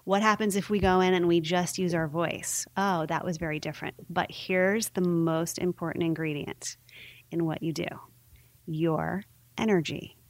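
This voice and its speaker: Lower-voiced woman giving parenting advice. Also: fairly even intonation, a little slow, no room sound. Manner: warm explanatory, acts out baby and parent voices. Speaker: sleep consultant guest. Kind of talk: casual advice chat.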